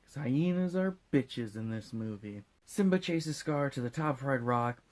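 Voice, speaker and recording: A man's voice: medium pitch, expressive, moderate pace, a little mellow. A drunk man hosting a comedic movie recap in a rambling, profane, jokey way. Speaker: host.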